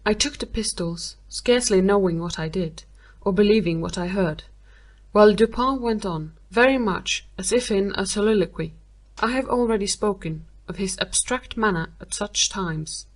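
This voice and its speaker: A woman narrating a classic tale as an audiobook reader, in a measured, clear delivery. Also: mid-range voice. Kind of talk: scripted narration.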